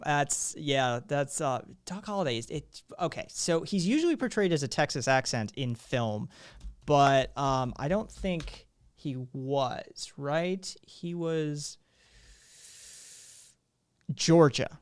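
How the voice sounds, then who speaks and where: A man's voice: on the high side, animated, takes it slowly, clear, resonant tone. A man hosting a live stream, talking in a rambling way with lots of fillers and restarts. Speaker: streamer host.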